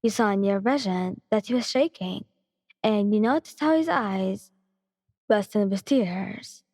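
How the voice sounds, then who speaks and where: A woman narrating a fan-fiction story in a soft, steady ASMR reading voice. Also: medium pitch, unhurried, no echo, clean studio sound, long reverb tail.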